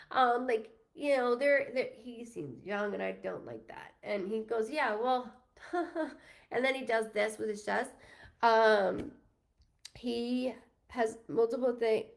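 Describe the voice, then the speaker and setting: A slightly high, gravelly voice belongs to a woman working as a psychic medium during a live stream. Her casual, rambling talk keeps stopping and starting again as she interrupts herself, and she laughs frequently.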